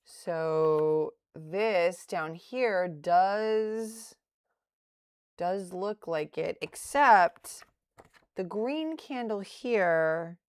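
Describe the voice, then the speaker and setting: A middle-aged woman chats on a live stream, thinking aloud and often stopping to correct herself. Her voice sits a little low and she talks at an unhurried, drawn-out pace. The sound is close and dry, with no room echo. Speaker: day trader streaming live. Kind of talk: live-stream chat, answering viewer comments.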